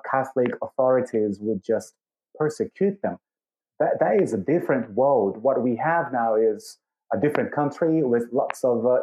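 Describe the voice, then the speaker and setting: A Brazilian man speaking English with a British-tinged accent, answering thoughtfully with many pauses as an interview guest. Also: medium pitch, mellow, low-quality recording. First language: Portuguese. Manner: thoughtful, hesitant, with many fillers. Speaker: guest, church leader.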